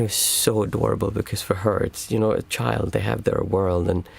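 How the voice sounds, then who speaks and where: A male meditation teacher talks through viewer questions on a live stream in a calm, reflective, halting way. His voice sits low with a heavy gravelly fry and a husky edge. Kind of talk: livestream Q&A talk.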